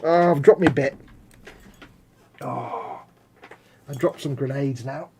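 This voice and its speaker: A man's voice: medium pitch, slow pace, a little mellow, a little hiss or hum. Dry, joking English man at work. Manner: dry, jokey, self-mocking asides. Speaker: host building a model kit. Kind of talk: casual live-stream chat while working.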